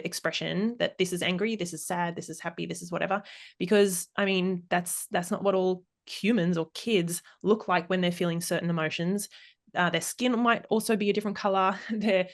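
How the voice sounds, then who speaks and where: A woman speaking as a podcast guest and expert, explaining in a casual, thoughtful way with frequent restarts and fillers. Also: fairly low pitch. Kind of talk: casual interview chat.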